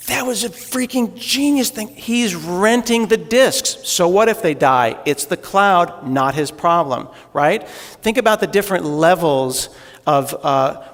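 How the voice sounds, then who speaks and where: A man giving a humorous, self-deprecating conference talk, telling stories on stage in a large hall. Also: a little high. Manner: joking, self-deprecating storyteller. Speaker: conference speaker. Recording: echoey hall with long reverb.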